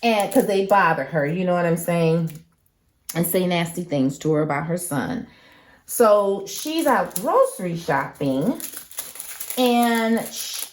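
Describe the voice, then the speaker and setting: Chatty, slangy woman crafting host. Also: on the low side. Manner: chatty, emphatic, uses lots of slang. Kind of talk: casual chat while crafting.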